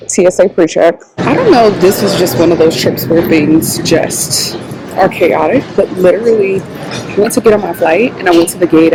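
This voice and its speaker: A woman vlogging to camera in casual chat, animated and slangy. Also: fairly low pitch, background noise. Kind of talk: casual vlog talk to camera.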